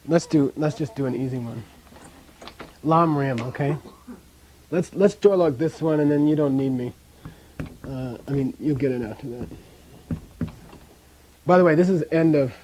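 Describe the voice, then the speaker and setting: A man's voice: medium pitch, darkish tone, a little hiss or hum. A man teaching a language class in a classroom, chatty, often checking in with "okay?" and drilling pronunciation.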